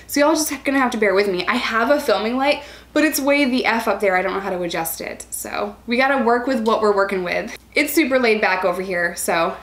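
A woman's voice: fairly high pitch, a little fast, few pauses, fairly bright tone, roomy sound. A young woman chatting casually and self-mockingly at a table at home while eating for her vlog. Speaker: vlogger.

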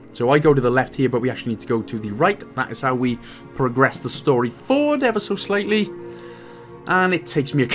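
A man with a Welsh accent giving playful, joking commentary as host of a game walkthrough. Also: medium pitch. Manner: jokey, playful, animated.

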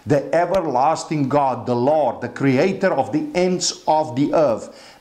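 A man's voice: fairly high pitch, lively intonation, a little slow, darkish tone, roomy sound. A pastor giving a sermon, reading scripture aloud and explaining it, often restarting his words. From Africa. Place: church hall.

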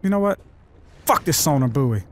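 An American man with a high, lively voice, joking and swearing through casual gameplay chat as a channel host. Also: normal speed.

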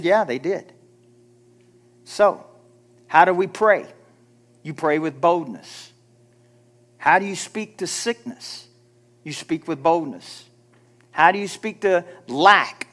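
A man's voice: on the high side, fairly bright tone. A pastor preaching a church sermon, urging his listeners with emphatic rhetorical questions and acting out quoted people in mock voices.

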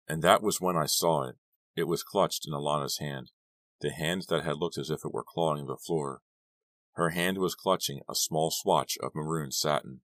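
A man narrating an audiobook in steady storytelling. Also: very deep voice, normal speed, no room sound. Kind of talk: scripted narration.

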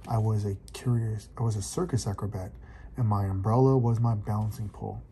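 A man voicing a calm, kindly male elephant who answers politely and patiently in a read-aloud storybook. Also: lowish voice, a little fast, slight background noise, close to an everyday voice. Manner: patient, polite, gently firm.

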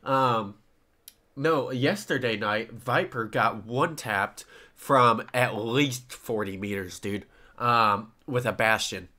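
A podcast host from the United States tells stories in an animated way, with plenty of swearing. His voice is bright and forceful, and his pitch sits in the middle. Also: takes it slowly. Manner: animated storytelling, swears freely. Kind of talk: casual podcast chat.

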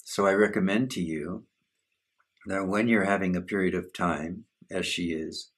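A man giving a slow, measured, contemplative spiritual talk as a teacher leading a satsang on self-inquiry. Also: sits low, steady tone.

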